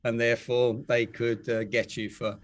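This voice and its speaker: Guy hosting an interview, mid pitch, chatty questions. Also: flat delivery, normal speed. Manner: conversational, leading questions. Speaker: interviewer host. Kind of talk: interview chat.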